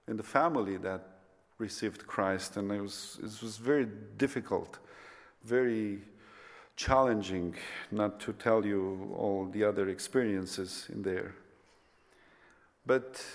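Slow-preaching man in a reverberant hall. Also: fairly low pitch. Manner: impassioned, rising to near-shouts then dropping to soft whispers. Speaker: pastor. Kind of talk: sermon. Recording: long reverb of a church hall.

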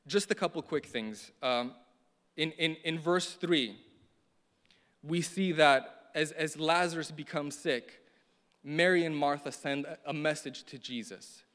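A man's voice: on the high side, unhurried, a bit bright. Earnest male preacher in a reverberant hall. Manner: earnest, many repeated words, rising to emphatic stresses. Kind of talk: sermon.

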